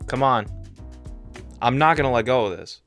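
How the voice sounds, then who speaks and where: A young man hosting casual reaction commentary, joking and animated, often restarting his phrases. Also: mid-range voice, normal speed. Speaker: reaction channel host. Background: faint background music.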